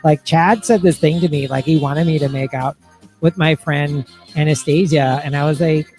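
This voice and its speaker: A man's voice: on the high side, steady tone, moderate pace, darkish tone, soft background music, natural voice. A man voicing a ditzy, bubbly young woman influencer who fills every phrase with "like", in a comedy livestream bit. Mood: airy. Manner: valley-girl talk, every phrase padded with "like".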